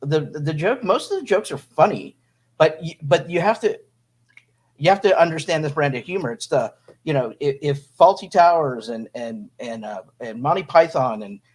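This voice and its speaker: A man with a slightly high voice, sharing his views on a film in a loose, rambling way. He keeps restarting his sentences as he talks in a casual chat. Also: expressive, moderate pace, slightly rough. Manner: rambling, many restarts while giving opinions. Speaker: podcast co-host. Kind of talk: casual movie review chat.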